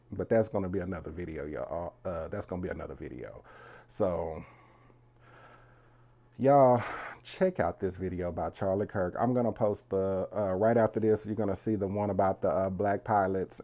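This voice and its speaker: A man giving casual commentary to his viewers, calling them y'all and trailing off softly at the ends of his lines. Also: on the low side. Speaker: commentary video creator. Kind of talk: casual direct-to-camera commentary.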